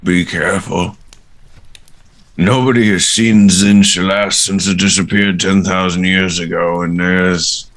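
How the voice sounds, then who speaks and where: A man speaking as game master in a tabletop game played remotely, in a measured way. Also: deep voice, fairly even intonation, fairly bright tone. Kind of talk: narrating a tabletop game over a call.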